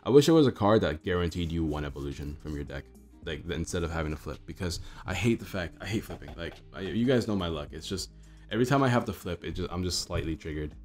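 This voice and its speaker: A young man with a hoarse, groggy voice, chatting casually while commentating a card game he is playing. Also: deep voice, animated, quick pace, faint music behind. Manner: chatty, thinks aloud with fillers.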